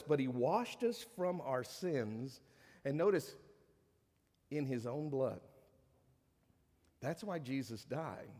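A man pastor delivering a sermon, rising to emphatic peaks and dropping to hushed lines. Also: fairly high pitch. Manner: preaching with swelling emphasis and hushed drops. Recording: long reverb of a large hall.

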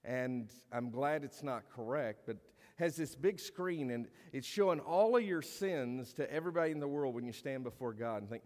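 Earnest pastor preaching in a reverberant hall. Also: male voice, medium pitch, expressive, normal speed, darkish tone. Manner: earnest, conversational, with rhetorical questions and scripture reading. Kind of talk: sermon.

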